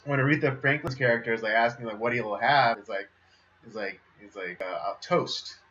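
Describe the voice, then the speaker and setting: A man chatting on a podcast, hesitant and full of fillers. His voice is bright, but the recording sounds a little dull. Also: mid-range voice, normal speed, a little hiss or hum. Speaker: podcast co-host. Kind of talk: casual chat.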